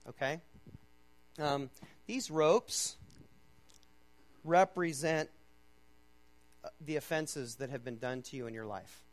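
A pastor's sermon, heard on a low-quality recording, has a casual, talky feel. He often stops to ask "okay?" and swings between loud, emphatic reading and hushed, low urging.

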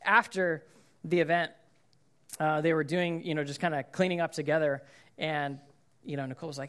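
A male pastor delivering a conversational sermon, his voice sitting a little higher than most men's. He talks casually and keeps checking in with the congregation. He slips into lively voices when he acts out what people said. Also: normal speed, long pauses.

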